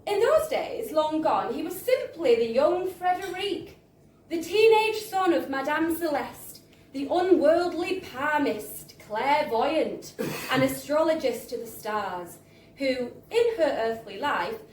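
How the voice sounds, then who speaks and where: A woman's voice: sits high, expressive, slow pace. A woman reading a story aloud in character at a live book launch in a bar, with playful theatrical narration. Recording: roomy room, distant mic, faint crowd hum.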